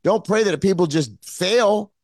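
A man's voice: high-pitched, unhurried, a little mellow, dry recording. A man preaching a fervent sermon as pastor, repeating his phrases and growing emotional.

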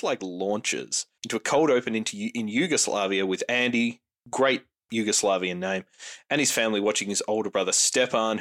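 A man hosting a podcast, recapping a film plot in casual, wry chat. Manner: wry, joking recaps with lively pitch. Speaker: podcast host. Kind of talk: casual movie review chat.

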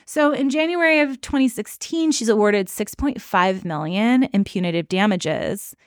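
A woman's voice: medium pitch, moderate pace, no room sound, clean studio sound. A woman co-hosting a podcast, telling a story in casual chat and acting out the quotes with lots of "like.". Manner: animated, acts out quotes with lots of "like". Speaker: podcast co-host.

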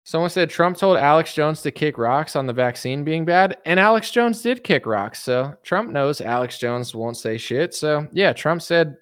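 A man's voice: on the high side, lively intonation, moderate pace, hardly any pauses, fairly bright tone, smooth, dry recording, studio quality. A man streaming commentary, ranting scornfully at his audience and mocking them with put-on voices. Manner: scornful, mocking, puts on voices to ridicule viewers.

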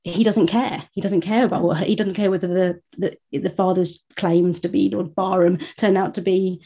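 Hesitant woman with a mellow husky voice. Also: fairly low pitch, fairly even intonation, moderate pace. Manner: hesitant, many ums and restarts, laughs along. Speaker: podcast co-host. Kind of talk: casual book chat.

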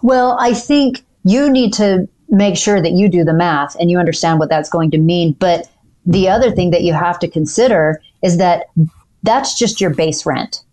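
A woman lawyer speaks on a podcast, her voice sitting a little low for a woman. She explains things clearly and methodically, now and then pausing on an "um". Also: dark tone. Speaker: dental practice lawyer, guest.

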